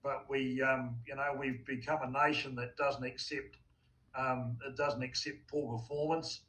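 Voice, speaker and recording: A man's voice: mid-range voice, little pitch movement, a little slow, a bit bright, poor audio. A man, a former rugby player giving a heated interview, frustrated and stumbling over restarts. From New Zealand.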